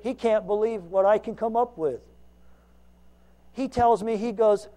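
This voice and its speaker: A man preaching a folksy, self-mocking sermon, swinging between loud emphasis and quiet asides. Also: high voice, a little slow, pauses often. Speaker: lay preacher.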